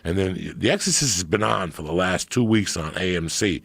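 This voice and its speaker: Gravelly guy ranting a story, cursing, drops low then gets loud, dry mic. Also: fairly quick, no echo. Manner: profane, swinging from low hushed to loud excited. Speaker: podcast guest. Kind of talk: animated storytelling.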